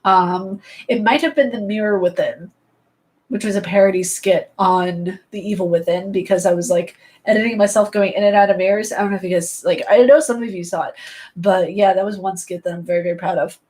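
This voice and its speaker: A woman streamer talks to her live chat in a loose, playful ramble. Her voice sits at a middle pitch, and she hops from one thought to the next. The delivery is relaxed and chatty. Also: fairly quick, poor audio. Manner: playful, chatty, jumps between topics. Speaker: gaming streamer. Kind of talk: casual chat with live viewers.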